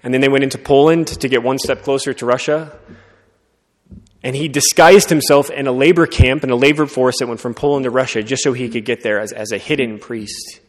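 A man preaching a sermon, telling a story in an earnest, conversational way and often dropping to a soft voice. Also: mid-range voice, fairly even intonation, a little fast. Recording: long reverb of a large hall.

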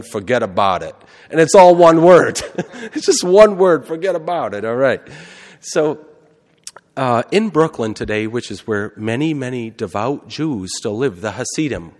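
A man, a priest, giving a conversational sermon and often asking the congregation questions. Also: medium pitch. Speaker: Catholic priest. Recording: long hall reverb.

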